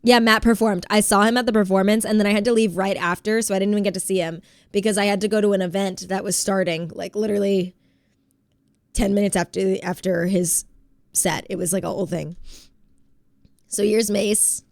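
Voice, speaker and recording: A woman streams from home with a stuffy head cold and chats casually with her viewers. She giggles often and reads their messages aloud. Her voice sits at a middling pitch on a dry, close mic. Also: steady tone, brisk, vocal fry, dry recording. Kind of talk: casual chat with chat.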